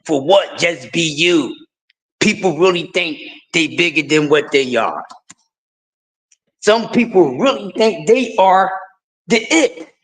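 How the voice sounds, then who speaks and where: A man's voice: on the high side, expressive, slow, pauses often. Fired-up man ranting on a livestream. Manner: emphatic, preachy, swings between shouting and quiet. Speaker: livestream host. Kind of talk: impassioned livestream rant.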